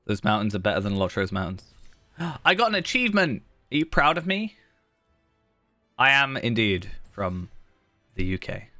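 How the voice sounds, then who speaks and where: Southern British man, game streamer, loose self-deprecating chat with viewers; lowish, bright voice. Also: sing-song, normal speed, long pauses, dry recording, soft background music. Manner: rambling, chuckling often, self-deprecating. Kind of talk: casual live-stream chat while gaming, answering chat.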